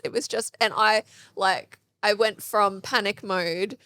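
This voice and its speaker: A woman in her thirties co-hosting a parenting podcast, telling stories in a casual, animated way and acting out the quoted lines. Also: on the high side, unhurried, gravelly, no echo. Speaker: podcast co-host. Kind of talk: casual chat.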